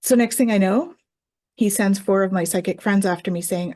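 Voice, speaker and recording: A woman's voice: mid-range voice, normal speed, mellow. A woman who teaches Reiki tells a personal story in casual chat, acting out quoted voices and laughing often.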